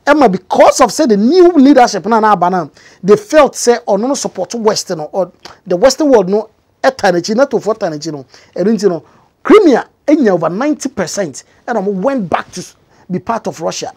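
A woman with a Ghanaian accent delivers casual news commentary, explaining things while mixing English and Twi, with many fillers and emphatic rising stretches. Her medium-pitched voice is fairly quick, darkish, and breathy-edged, with lively intonation.

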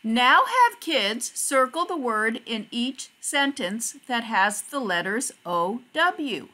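A woman narrating a phonics lesson for teachers, speaking slowly and carefully as she walks through each word. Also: on the high side, very animated, sharp tone. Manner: slow, careful, deliberate word-by-word delivery.

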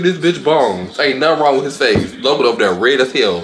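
A man doing loud, sassy reaction commentary, his voice leaping up into high squeals and dropping back down again. His pitch sits in a middling range but swings widely as he reacts. He talks in quick, exclamatory bursts. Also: animated, reverberant. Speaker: reaction video host. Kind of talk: reaction commentary on fight highlights.

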